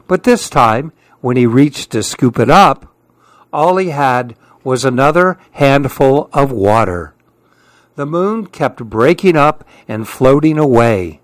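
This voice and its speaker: A man reading children's stories aloud in a slow, gentle, expressive way. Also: medium pitch, no echo. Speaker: storyteller. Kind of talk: children's story read-aloud.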